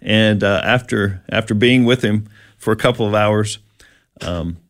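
A man's voice: fairly low pitch, unhurried, no room sound, studio quality. A man co-hosting a Bible discussion, walking through verses one by one and putting questions to his partner in a casual teaching style. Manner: explains verse by verse and poses questions. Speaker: Bible study co-host.

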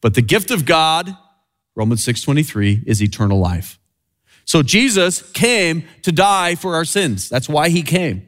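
A man preaching a sermon in an earnest way, rising and falling in pitch and slowing down on key phrases. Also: sing-song, fairly bright tone. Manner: earnest, swinging high and low for emphasis, slowing on key phrases.

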